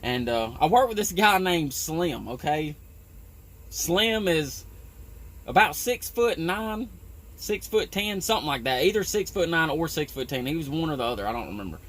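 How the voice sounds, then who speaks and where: A man's voice: a little high, very animated, moderate pace, a bit bright. A man who works on a tree-trimming crew, telling a story in a rambling, profane way with lots of "you know". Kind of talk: casual storytelling.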